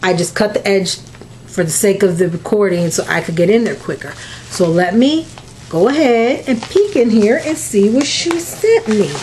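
A woman's voice: mid-range voice, darkish tone. Woman, emotional, gushing, crafting vlog, faint hum behind. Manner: gushing, emotional, near tears. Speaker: crafting vlogger. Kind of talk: casual mail opening vlog.

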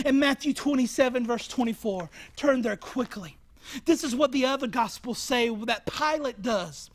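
High-voiced emphatic male preacher. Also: moderate pace. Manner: emphatic, rising to shouts on key phrases. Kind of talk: sermon.

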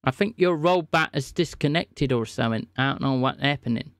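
A man's voice: mid-range voice, fairly quick, no echo, studio quality. A man live-streaming a scambaiting call, teasing and playing mock-innocent. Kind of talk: live scam-call banter.

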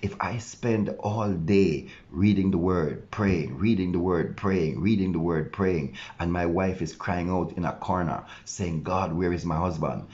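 A male pastor with a very low, deep voice gives an earnest devotional sermon, preaching with conviction and now and then raising his listeners' objections so he can answer them. His delivery is a little slow and a little mellow, with few pauses. The audio is dull and lo-fi.

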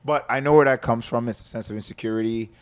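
A man's voice: mid-range voice, fairly even intonation, fast, clean tone. A man from New York, a podcast guest in casual chat, talking in a laid-back, reflective way and acting out voices in his stories.

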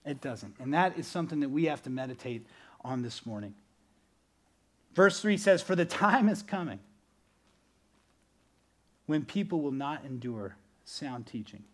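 A man preaching a sermon as pastor, animated, swinging between loud bursts and quiet, earnest stretches. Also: medium pitch, a little slow, long pauses.

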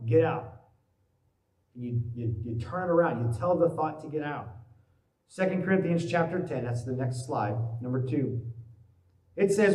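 A pastor delivers an animated sermon in a somewhat high voice. He slips into worried voices as he tells his stories. The sound is roomy and echoey, picked up from a distance in a church hall. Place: church sanctuary.

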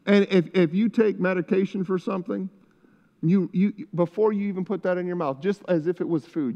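A middle-aged male pastor with a high, fairly quick voice preaches a fervent, repetitive sermon in a church sanctuary, breaking into spoken prayers. The sound is muffled, with long hall reverb.

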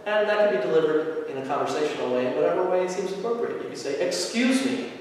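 A man teaching aikido who explains movements calmly and methodically and chants short phrases with each step. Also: fairly high pitch, fast talker, slight background noise. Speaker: aikido instructor. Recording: echoey hall, mic far off.

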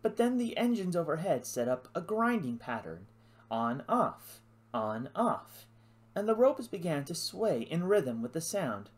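An audiobook narrator reading an adventure novel aloud in an expressive storytelling manner. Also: mid-range voice, unhurried. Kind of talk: scripted narration.

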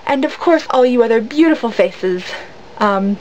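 High-voiced woman ranting. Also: animated, moderate pace, darkish tone, a little hiss or hum, rough recording. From United States. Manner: rambling and full of fillers, indignant. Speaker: vlogger. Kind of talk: casual storytelling rant to camera.

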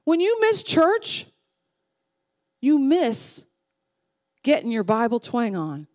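A woman pastor preaching a sermon, emphatic and repetitive, swinging from loud declarations to soft, slow lines. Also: high-pitched, wildly swooping pitch. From Texas family, Southern upbringing.

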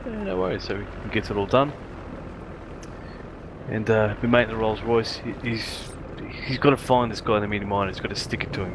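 A man leading a squad in casual gaming chat, swearing freely and spinning long joke stories. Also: medium pitch. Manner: swearing, storytelling, does character voices in jokes. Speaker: squad leader. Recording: game audio noise behind.

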